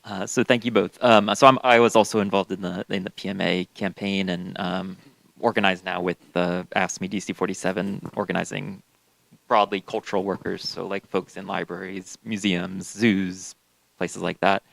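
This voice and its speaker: Gravelly low-voiced man, hesitant. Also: little pitch movement, moderate pace, a bit bright, no room sound, rough recording. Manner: hesitant, many fillers and restarts, uses like often. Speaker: union organizer, panelist. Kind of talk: panel discussion.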